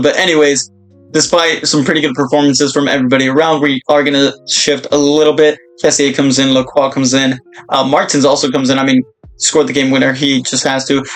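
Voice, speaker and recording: A young man commentating his own football video game career, breaking into excited shouts at big moments. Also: mid-range voice. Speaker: gaming YouTuber.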